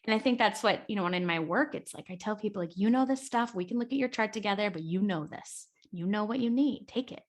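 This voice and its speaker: A woman guest on a casual podcast telling a story with lots of fillers and animated quotes of herself. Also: medium pitch, quick pace, hardly any pauses.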